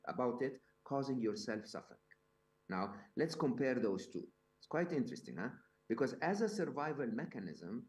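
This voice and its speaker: A man's voice: medium pitch, a little mellow. A man speaking to a live audience at a summit, conversational, with lots of fillers, restarts and rhetorical questions. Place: event hall.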